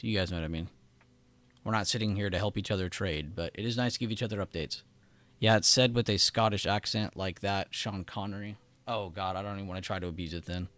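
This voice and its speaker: Low-voiced man hosting a trading stream. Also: fairly bright tone, dry recording. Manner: casual, chatty, laughs often, talks to chat directly. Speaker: trading livestream host. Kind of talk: live market commentary reading chat.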